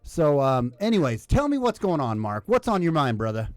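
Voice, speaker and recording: A man's voice: on the high side, big pitch swings, moderate pace, no echo. A man hosting a live call-in stream with casual drinking banter. He is a little drunk, rambles and swears, and keeps relaying the caller's words to his co-hosts.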